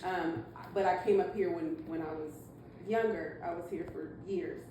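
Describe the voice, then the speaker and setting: A woman giving a heartfelt, halting tribute to her grandmother at a family party. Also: on the low side, steady tone. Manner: emotional, halting, earnest. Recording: echoey room, mic far off, noisy.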